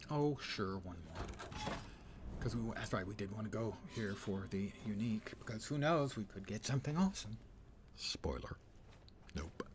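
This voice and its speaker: A man streams a game with a low voice that swings widely in pitch. He talks in a playful, rambling way and often slips into muttered, half-whispered asides. A steady hiss of background noise sits under the recording. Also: normal speed. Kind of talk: casual gameplay commentary.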